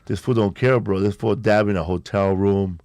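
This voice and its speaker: A man's voice: fairly even intonation, normal speed, darkish tone, no echo, clean studio sound. A man, hosting a podcast and telling stories in a laid-back, slangy way. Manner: laid-back storytelling, slangy, low-key delivery. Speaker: podcast host. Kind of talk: casual podcast chat.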